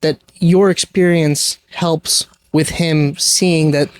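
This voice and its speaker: A man's voice: a little high, steady tone, slow, a little hiss or hum. A man in a casual chat, chiming in briefly with teasing remarks.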